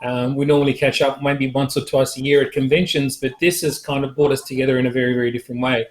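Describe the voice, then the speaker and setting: A man's voice: mid-range voice, flat delivery, fast. A male photographer on a livestream panel, speaking earnestly and reassuringly over a video call.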